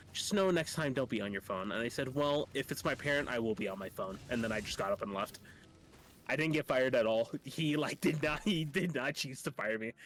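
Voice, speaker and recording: A man chatting casually on a livestream, telling rambling work stories full of swearing. He mimics other people by jumping into a high voice. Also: a bit bright, slight background noise. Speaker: streamer.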